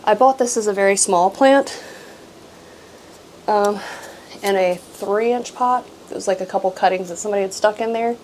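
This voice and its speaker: Woman, casual plant vlog, rambling, lots of "um"s, mid-pitched voice, faint background hiss. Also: moderate pace, long pauses, poor audio. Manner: rambling and chatty, frequent "um"s and soft laughs. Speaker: houseplant channel host. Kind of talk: casual show-and-tell chat. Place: at home among houseplants, indoors. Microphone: camera she sometimes walks away from.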